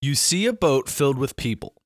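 A young man from Alabama, hosting a casual podcast and reading riddles in a playful, drawn-out way. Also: medium pitch, expressive, dry recording, clean studio sound. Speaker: podcast host.

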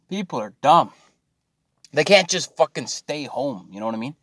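A man's voice: fairly high pitch, lively intonation, normal speed, dry recording, clean studio sound. A man, ranting and swearing in a mocking, exasperated monologue to his viewers.

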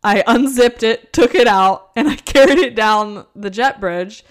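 Woman, 30s, co-host; animated blunt storyteller, a touch high, smooth tone. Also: measured pace. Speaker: podcast co-host. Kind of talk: casual chat.

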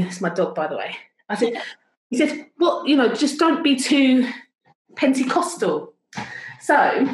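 A middle-aged woman, a worship leader, telling a story at home over a video call in a chatty, animated way, often breaking off mid-sentence. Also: mid-range voice, roomy sound, a little hiss or hum, low-quality recording. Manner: chatty, animated, self-interrupting.

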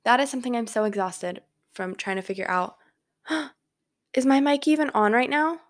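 A young woman with a fairly high voice talks at normal speed on her casual solo podcast. Recording on a home microphone in her bedroom, she rambles and uses lots of filler words.

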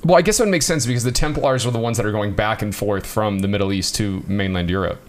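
A man bantering and joking on a podcast, laughing often and reacting with quick asides. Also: fairly low pitch. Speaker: podcast co-host. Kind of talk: casual banter.

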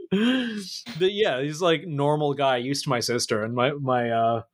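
A man's voice: on the high side, takes it slowly. A man hosting a podcast, talking casually in a blunt, crude, joking way.

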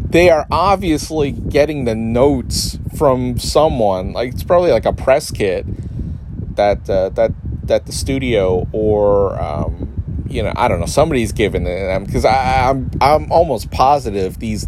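A man rants casually and sarcastically, stumbling over his words and cursing as he jumps between thoughts. His voice sits at an ordinary middle pitch. Clear background noise with passing vehicles runs under everything. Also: unhurried. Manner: sarcastic, rambling, mocking voices in quotes; frequent restarts and profanity. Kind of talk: casual rant.

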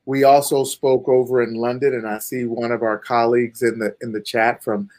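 A man hosting a livestreamed interview, talking emphatically and repeating and slowing down key points like a preacher. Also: mid-range voice, flat delivery, a little mellow. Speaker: host.

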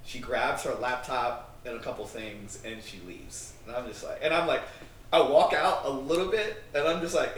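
Speaking at normal speed in a mid-range voice, a man co-hosting a podcast tells a casual, meandering story stuffed with fillers and acted-out dialogue. It's picked up on a distant mic in a roomy space, with faint background noise.

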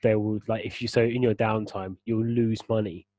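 A man's voice: fairly low pitch, fairly even intonation, normal speed, a little mellow, a little hiss or hum. A young man in casual gaming chat, explaining at length and laughing often as a podcast co-host.

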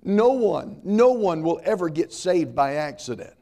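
Preacher man, kinda high voice but warm, punchy sermon with jokes. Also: big pitch swings, unhurried. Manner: emphatic preaching with repetition and humor. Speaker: pastor.

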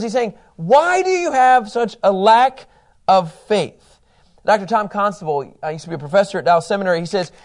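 A man teaching a Bible study in a conversational, enthusiastic way, acting out quotes. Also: high voice.

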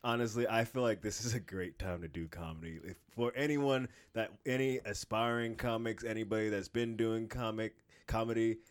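A man co-hosting a podcast and trying out stand-up, talking in loud, profane, animated rants. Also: on the low side, moderate pace, hardly any pauses, smooth. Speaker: podcast co-host, aspiring stand-up comic. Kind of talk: casual podcast chat.

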